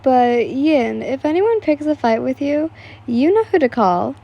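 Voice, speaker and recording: Brief: mellow, husky-toned teasing schoolgirl friend, loud and mocking, read by a woman. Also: sits high, sing-song, unhurried, muffled recording, full character voice. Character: teasing outspoken female student friend.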